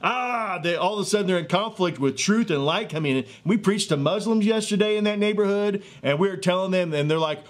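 A man in his thirties or forties, a street evangelist telling a healing testimony in an earnest, excitable way with many fillers and restarts, outdoors in a neighborhood. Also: high-pitched, brisk, few pauses. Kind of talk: animated testimony storytelling.

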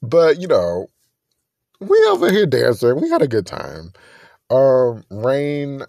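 A man hosting a casual solo podcast, gushing with excitement and swearing freely. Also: medium pitch, slow, vocal fry, no echo, clean studio sound. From not from Texas. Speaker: podcast host.

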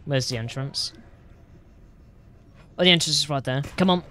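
A man's voice: fairly high pitch, moderate pace, bright, forceful tone, clear, resonant tone. A young man commentating on his own gameplay, with frequent frightened exclamations. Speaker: gaming YouTuber. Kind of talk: game commentary.

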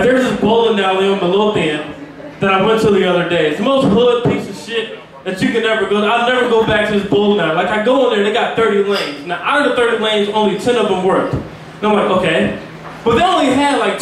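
A high-pitched man does crude open mic stand-up in a pub, chuckling at his own lines. He is picked up from far off in a very echoey room, with the crowd clearly heard around him. It sounds like a rough live bar recording. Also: brisk, slight background noise. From Virginia, US. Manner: brash, profane, laughs at his own jokes. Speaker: stand-up comedian.

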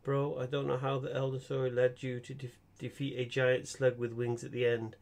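A man's voice: mid-range voice, normal speed. A young man, chatting casually about games while streaming, rambling and stammering through restarts. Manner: rambling, stammering restarts, animated bursts of laughter. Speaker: gaming streamer. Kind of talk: casual gaming chat.

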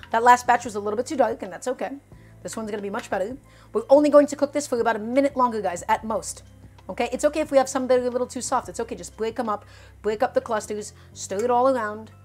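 Brooklyn-accented woman streamer, R sounds don't land, higher voice, chatty with viewers, faint music underneath. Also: darkish tone. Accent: Brooklyn New York. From Brooklyn, New York. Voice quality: cannot pronounce R sounds. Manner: chatty, talks directly to viewers. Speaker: cooking streamer. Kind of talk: casual live cooking stream, chatting with viewers.

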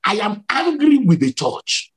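A man's voice: on the high side, sing-song, normal speed, husky. A man voicing an angry divine man speaking from heaven, stern and repeating himself.

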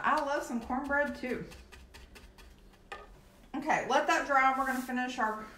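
A woman's voice: mid-range voice, pushed and bright. A young adult woman with a Southern US accent chatting casually while painting on a live stream, reading and answering viewer comments. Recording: echoey room with faint background noise.

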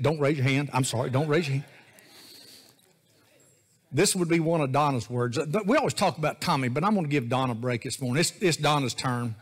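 A man's voice: fairly high pitch, a little fast, breathy edge. A man preaching a sermon as associate pastor, in a folksy, joking, conversational way.

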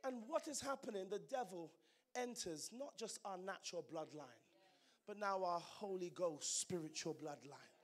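A man preaching a fiery sermon, loud and emphatic, with call-and-response exclamations. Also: high-pitched, animated, normal speed.

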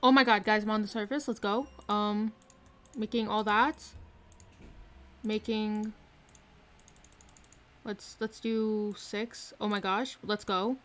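A woman streaming a game live from her room, excitedly commenting and repeating herself with hyped exclamations. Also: mid-range voice, slow pace, long pauses. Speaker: gaming streamer.

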